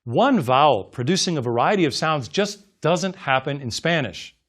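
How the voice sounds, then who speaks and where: A man teaching a language lesson in a scripted narration, speaking slowly with careful, exaggerated enunciation for repeat-after-me drills. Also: a little high, expressive, a bit bright.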